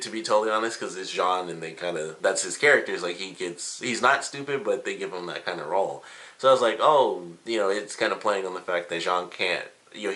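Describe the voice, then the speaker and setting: A man's voice: deep voice, sharp tone. A young man casually reviewing a cartoon episode, chatty and upbeat, with lots of casual fillers. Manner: chatty, upbeat, many "like" and "you know" fillers. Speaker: show reviewer.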